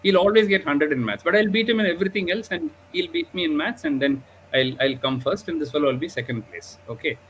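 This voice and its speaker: Man, doctor, lively storytelling, fairly high voice, faint background hiss. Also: quick pace, few pauses, rough recording. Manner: animated, repeats 'okay?' and 'you know'. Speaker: diabetes doctor. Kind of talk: storytelling in a live discussion.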